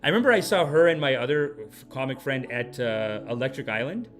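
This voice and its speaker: A male podcast host telling rambling, casual comic stories in a mid-pitched voice. He talks with animated energy and laughs often, with faint music underneath. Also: fairly quick.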